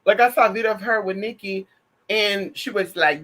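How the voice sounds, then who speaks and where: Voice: mid-range voice, animated, normal speed, pushed and bright. A vlogger giving sassy, profane, gossipy pop culture commentary, calling the viewer girl and honey.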